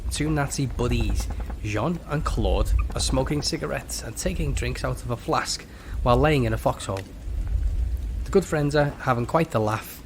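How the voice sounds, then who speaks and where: A man's voice: mid-range voice, moderate pace, noisy background. A man with a slight cold, co-hosting a comedy podcast and reading a bad screenplay aloud, often breaking into laughter. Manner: reads with frequent laughter. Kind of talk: comedic script reading with put-on voices.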